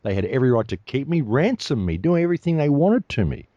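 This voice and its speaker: A man's voice: mid-range voice, very animated, fast talker, warm tone, no room sound, lo-fi sound. A man, talking emphatically and indignantly as a guest in an interview. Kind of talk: heated interview talk.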